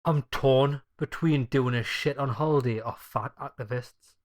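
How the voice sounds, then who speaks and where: A man's voice: mid-range voice, measured pace. Sweary, blunt male game commentator. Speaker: gaming channel host. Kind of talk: casual gaming commentary.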